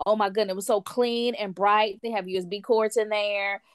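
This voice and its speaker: A woman telling a story in a lively, casual way. She slips into playful voices to act out what other people said. Her voice sits at a middle pitch, and the recording is close and dry with no room sound. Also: brisk, smooth, dry recording. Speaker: guest storyteller. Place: lives in France.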